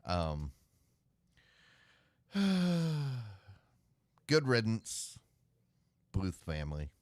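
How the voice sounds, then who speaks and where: A man's voice: fairly low pitch, huge pitch swings, drawn-out words, no room sound, studio quality. A man co-hosting a live web show, chatting casually and rambling with sighs and filler words. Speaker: podcast co-host. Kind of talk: casual chat.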